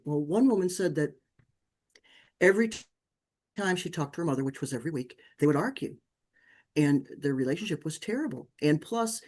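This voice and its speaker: A woman, a parenting author, telling stories in a podcast interview and acting out the people she quotes. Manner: animated, acts out quotes with big pitch jumps.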